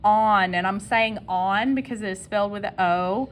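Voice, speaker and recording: A woman with a Southern American accent teaching a phonics spelling lesson. She sounds words out slowly and repeats each sound patiently, with an encouraging tone. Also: mid-range voice, slight background noise.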